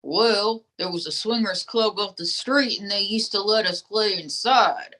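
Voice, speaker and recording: A woman's voice: medium pitch, measured pace, pushed and bright. A woman voicing an old male lounge-singer ventriloquist dummy, drawling folksy punchlines. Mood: deadpan corny.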